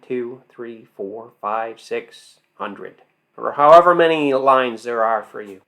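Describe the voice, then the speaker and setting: A man's voice: medium pitch, fairly bright tone. A man teaching as an acting coach, emphatic, asking rhetorical questions and answering them himself. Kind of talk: instructional talk to camera.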